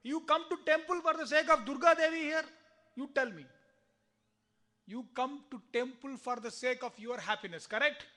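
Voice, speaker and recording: A man's voice: very high voice, normal speed, bright, forceful tone. A man with an Indian English accent giving a spiritual discourse at a temple, asking the audience rhetorical questions and acting out both sides of conversations. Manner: asks the audience rhetorical questions, acts out the dialogue himself.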